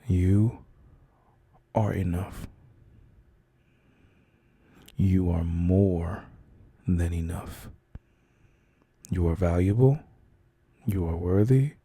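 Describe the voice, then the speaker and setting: A young man speaking in a whispered role-play, comforting a listener as their boyfriend. His voice is very dark and husky, recorded dry and close with no room sound. He talks slowly and gently, pausing often with soft fillers. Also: low voice, dry recording. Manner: soft, slow and reassuring, with hesitant fillers.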